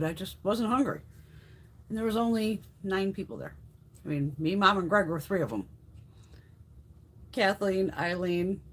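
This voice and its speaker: A woman's voice: medium pitch, slightly rough. A woman in her fifties hosting a casual live stream, chatting and telling rambling stories, swearing freely. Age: 50s. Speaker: beauty live-stream host.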